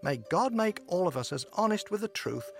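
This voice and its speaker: Earnest guy reading a radio devotional, bit high voice, bouncy delivery. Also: sing-song, a little fast, gravelly, soft background music. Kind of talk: scripted narration.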